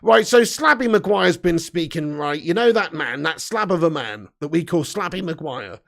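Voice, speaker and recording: A man in his thirties hosting a live football fan stream, joking, laughing and shouting out viewers. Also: a little high, expressive, moderate pace, creaky. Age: 30s. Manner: laughing, jokey, loud shout-outs. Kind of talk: casual live-stream banter.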